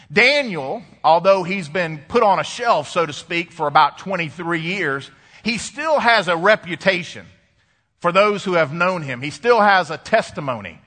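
Male preacher, high and bright, expressive delivery with dramatic pauses, long hall reverb. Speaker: pastor. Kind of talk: sermon.

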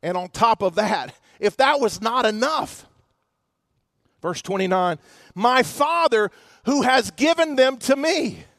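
Man, pastor preaching, very high voice, dry close sound, emphatic. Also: lively intonation, fairly bright tone, no echo. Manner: emphatic, slows to stress scripture and asks the congregation questions. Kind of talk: sermon.

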